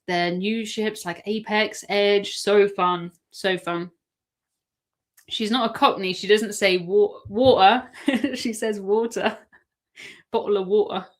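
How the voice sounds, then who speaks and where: Brief: English woman, chatty live-stream host, mid-pitched, laughs easily. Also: steady tone, slow pace. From England. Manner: chatty, answers viewer questions, laughs often.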